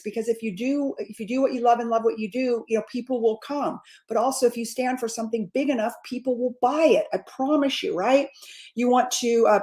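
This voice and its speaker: A woman in her fifties, a sales coach giving an energetic, repetitive pep talk straight to her viewers, often calling them guys. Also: fairly high pitch. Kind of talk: motivational livestream talk.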